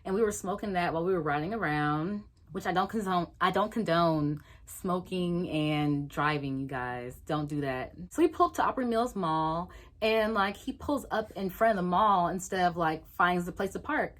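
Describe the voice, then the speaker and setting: A young woman vlogger telling a casual story, animated, swearing freely and acting out what people said. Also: on the low side, normal speed.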